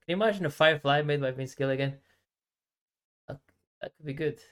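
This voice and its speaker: A man's voice: a little high, fast, clean tone. A man co-hosting a podcast, chatting casually and rambling with many restarts and fillers. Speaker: podcast co-host. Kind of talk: casual chat.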